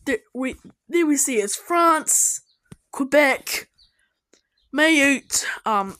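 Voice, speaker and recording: A woman reacting to videos in casual commentary, excitable and exclaiming at the screen. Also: high voice, slow pace, poor audio. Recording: loud background noise.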